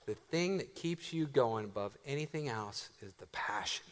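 A male pastor preaching a sermon in a church, telling stories with a lively, self-deprecating delivery. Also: medium pitch, normal speed, few pauses, big-room sound. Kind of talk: sermon storytelling. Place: church sanctuary.

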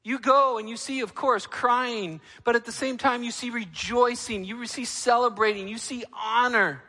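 Man, pastor, sermon, emphatic, loud and quiet turns, long hall reverb. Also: very high-pitched, steady tone, normal speed.

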